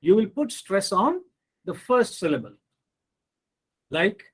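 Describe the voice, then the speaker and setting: Slow, high-voiced professor drilling words. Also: male voice, very animated, husky, low-quality recording. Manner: drills words one by one, asks and answers his own questions. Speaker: professor teaching pronunciation. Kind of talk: online English pronunciation lesson.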